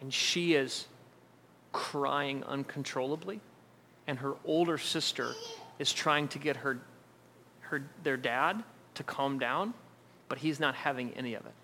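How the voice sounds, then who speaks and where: A man's voice: medium pitch, fairly even intonation, a little slow, long pauses, bright, forceful tone, a little hiss or hum. A man preaching a sermon, telling a personal family story in a conversational way and acting out what others said. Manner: conversational storytelling, acts out quoted voices. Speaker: pastor.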